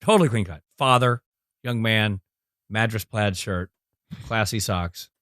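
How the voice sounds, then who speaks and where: A man hosting a casual interview, chiming in with quick agreement and comments. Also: on the low side, a bit bright, no echo, studio quality. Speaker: podcast host.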